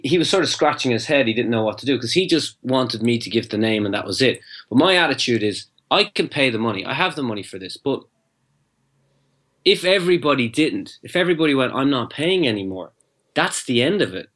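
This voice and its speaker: A man's voice: medium pitch, lively intonation, brisk, fairly bright tone. A man, a guest in an interview, telling a long rambling anecdote and acting out the dialogue, with frequent restarts. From Ireland. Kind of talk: interview storytelling.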